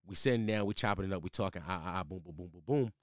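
A man in his twenties telling a casual, profane story in slang, with his voice jumping high when he gets exasperated. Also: rapid-fire, no echo, clean studio sound.

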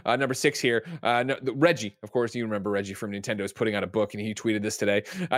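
A man hosting a podcast in casual chat, talking quickly with animated, swearing banter. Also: lowish voice, no room sound, clean studio sound. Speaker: podcast host.

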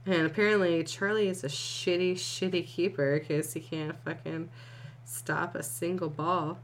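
A young woman with a lowish voice reads fan fiction aloud on a casual podcast. She breaks off often to laugh, comment and swear before picking the story back up. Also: fairly even intonation, a little slow. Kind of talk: casual reading and chat.

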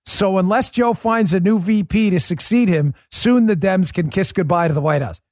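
A man's voice: high-pitched, moderate pace, darkish tone, dry recording, studio quality. A man hosting a political talk show, giving opinionated commentary with emphatic, sarcastic rhetorical questions.

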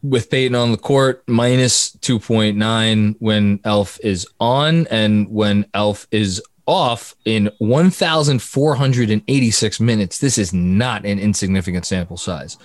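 A man's voice: fairly low pitch, unhurried, few pauses, dry recording, clean studio sound. A man co-hosting a casual sports podcast, reeling off statistics and laughing at his own numbers. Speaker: podcast co-host.

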